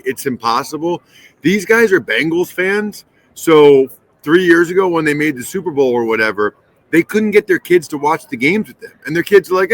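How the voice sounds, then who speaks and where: Relaxed middle-aged man in casual chat. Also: a little high. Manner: relaxed, storytelling. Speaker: podcast guest.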